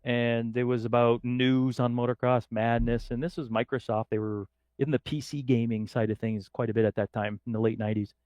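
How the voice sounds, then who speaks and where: A podcast guest, a middle-aged man from northern Canada, talks a little fast at medium pitch with hardly any pauses. He tells casual stories with liveliness, acting out the voices of the people in them. The recording is dry.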